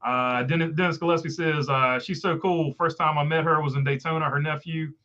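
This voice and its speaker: A man's voice: a little high, steady tone, brisk, fairly bright tone, highs cut off. A man with a Southern country accent hosting a casual live stream, reading viewer comments with lots of "uh" fillers. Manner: filler-heavy, rambling, frequent uh.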